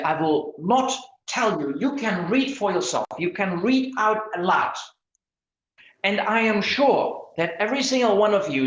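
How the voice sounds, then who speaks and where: A lecturer giving an online class on academic writing, often stopping to restart words and asking the listeners questions. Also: mid-range voice. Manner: hesitant, many restarts and repeated words; asks the audience questions. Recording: echoey, dull lo-fi room sound.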